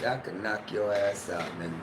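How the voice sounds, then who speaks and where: A man hosts a casual livestream from his home kitchen, rambling loosely, swearing freely and talking straight to his chat. His voice is fairly low and steady, at a moderate pace. The room is echoey with background noise.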